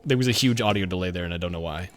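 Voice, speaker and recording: A man's voice: low voice, very fast, faint music behind. A worn-out man live-streaming a game, rambling casually to chat and swearing often. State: exhausted.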